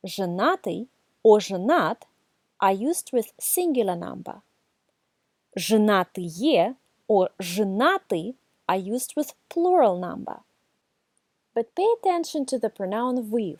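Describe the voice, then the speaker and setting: Slow, lively-voiced woman teaching language. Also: medium pitch, no room sound. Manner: reads numbered examples slowly, Russian words carefully spoken. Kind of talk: scripted language lesson.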